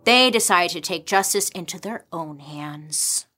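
A young woman casually telling a dark history story, chatty with sarcastic asides. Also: fairly low pitch, animated, measured pace.

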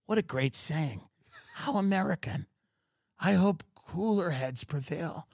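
A man's voice: fairly high pitch, lively intonation, measured pace, creaky, a little mellow, no room sound, studio quality. A man riffing sarcastically in a comedic rant, swearing freely.

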